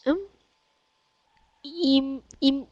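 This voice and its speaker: A woman learning English on a video call, hesitant and sounding out words with many pauses. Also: high voice, fairly even intonation, highs cut off, heavy background noise. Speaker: English student.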